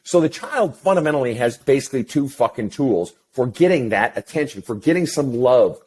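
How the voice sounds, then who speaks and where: A man's voice: medium pitch, fairly quick, husky. Blunt, profane middle-aged man. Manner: blunt, profane, animated storyteller. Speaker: counselor guest. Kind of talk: casual interview chat.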